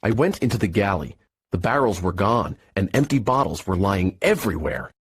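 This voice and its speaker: A man narrating an adventure story in a measured, steady storytelling manner. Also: low voice, breathy edge, no room sound. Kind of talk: scripted audiobook narration. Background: soft music.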